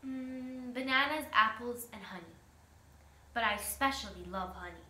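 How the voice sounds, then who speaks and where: A greedy little spider, as a woman puts him on, his voice lifted a touch higher and coaxing or begging by turns. The tone is bright and sharp, and the room gives back a clear echo with a faint hiss underneath. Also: normal speed. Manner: coaxing, then begging loudly. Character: greedy male spider, sweet-talking then pleading.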